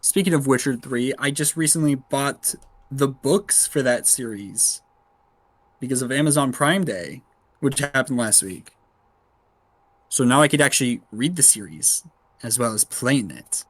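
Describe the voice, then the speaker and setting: A man's voice: medium pitch, measured pace, no room sound. A man co-hosting a casual podcast who chats in an easygoing way and reacts with short replies. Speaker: podcast co-host.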